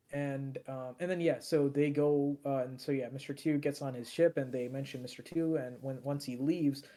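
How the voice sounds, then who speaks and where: A man's voice: mid-range voice, warm tone. A man co-hosting a podcast, recapping an episode in a loose, rambling way with lots of fillers and restarts. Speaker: podcast co-host.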